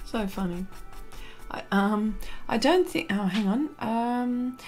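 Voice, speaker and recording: A woman's voice: fairly high pitch, takes it slowly, fairly bright tone, soft background music. An Australian woman live streaming her drawing, chatting casually, reading viewer comments aloud and laughing often. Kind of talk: casual chat while drawing.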